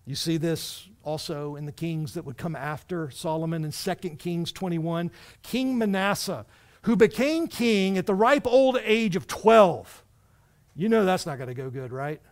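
Male pastor, high voice, lively conversational sermon with dry humor. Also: unhurried. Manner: animated, conversational preaching with wry asides. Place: church sanctuary.

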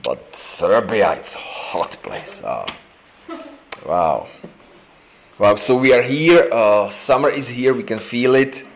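A man's voice: mid-range voice, expressive. A man preaching an informal, joking sermon in a church, full of fillers and restarts. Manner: chatty and joking, with many fillers and slow restarts. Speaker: pastor. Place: church sanctuary indoors.

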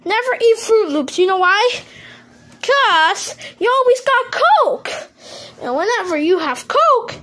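A woman narrating an improvised plush toy skit in a loud, crude, joking way. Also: very high-pitched, very animated, takes it slowly. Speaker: plush video maker, narrator.

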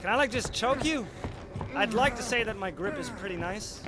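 A man doing excitable horror game commentary, loud and full of swearing. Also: high-pitched, moderate pace. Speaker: gaming video creator.

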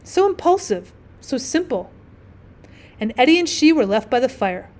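Expressive woman reading a classic story. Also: sits high. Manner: measured and expressive. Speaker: teacher reading an audiobook. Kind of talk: literary audiobook narration.

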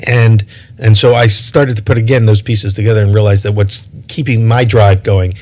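A man with a somewhat low voice talks at length as an interview guest. He is thoughtful and halting, often repeating words and restarting his sentences while he gathers his thoughts. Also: fairly even intonation, a little mellow. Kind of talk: reflective interview talk.

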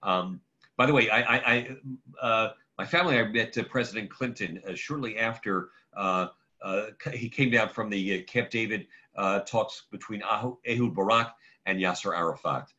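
A man's voice: fairly low pitch, bright, forceful tone. A man, a rabbi, giving a conversational lecture over a video call and taking questions from the audience by name. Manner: halting, digressive, takes questions by name. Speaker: rabbi leading a class. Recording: muffled lo-fi online audio.

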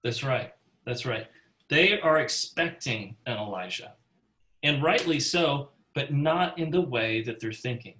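A man's voice: mid-range voice, bright, forceful tone, low-quality recording. A man leads a Bible class with a mid-range voice and a loose, talky delivery. He calls on people by name and slips into little character voices whenever he quotes someone. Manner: conversational, calls on class members. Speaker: Bible study teacher.

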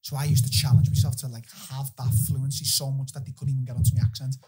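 A man with a Scouse accent talks in a relaxed, mellow tone with a husky edge. He tells his stories with energy and swears constantly, in a casual podcast chat. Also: mid-range voice, quick pace. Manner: animated, heavy swearing. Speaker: podcast guest, fighter. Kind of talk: casual storytelling.

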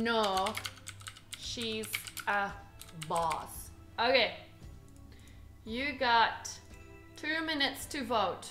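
Woman, home cooking livestreamer, relaxed unhurried chatter, self-teasing; roomy kitchen sound. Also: fairly high pitch, over music. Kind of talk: casual live cooking stream chat.

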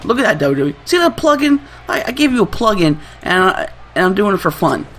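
A young man hosting a gaming channel, giving excitable, trash-talking gameplay commentary and laughing often. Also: high voice, brisk.

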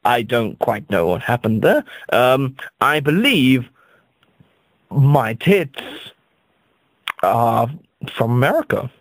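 Man, comic monologue, stammering, wildly swooping pitch, slow delivery, dry close sound. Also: sing-song, dry recording. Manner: rambling, stammering, pitch leaping high for comic effect.

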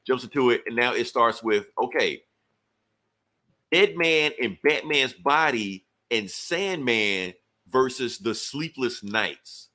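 A man's voice: mid-range voice, expressive, slow, bright, forceful tone. A man hosting a casual podcast chat, recapping in a loose, rambling way with plenty of swearing. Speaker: podcast host.

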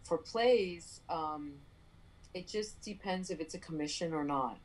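A woman from New York with a Puerto Rican family, a playwright telling a story in an interview, animated and full of fillers and restarts. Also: on the low side, measured pace, low-quality recording. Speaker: playwright guest.

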